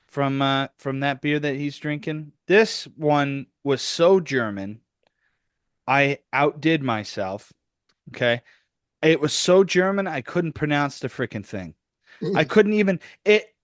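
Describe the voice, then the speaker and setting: A man chats on a podcast in a slightly higher voice, rambling and poking fun at himself between laughs. He sounds close to the mic, in a dry, dead room with no echo. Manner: rambling, self-mocking, laughs often. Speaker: podcast co-host. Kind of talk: casual chat.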